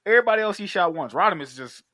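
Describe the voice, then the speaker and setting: A man's voice: high voice, racing, dry recording. A man hosting a podcast, recapping a film in casual slangy chat and acting out the characters' lines. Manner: animated, acts out characters' lines, slangy and profane. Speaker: podcast host.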